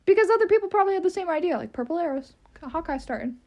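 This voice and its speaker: A young woman with a high, squeaky voice hosting her own podcast, rambling casually with lots of "um" and "like" and self-deprecating asides. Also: expressive, very fast, darkish tone. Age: young adult. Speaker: podcast host.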